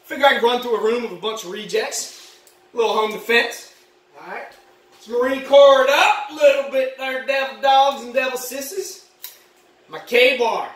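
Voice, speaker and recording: A woman playing a boastful, rambling male ex-Marine patriot dad in a comedy monologue, shouting one moment and muttering the next. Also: moderate pace, close to an everyday voice. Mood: blustering. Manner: boastful, rambling, shouts then drops low. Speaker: comedy vlogger. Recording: roomy echo, mic at a distance.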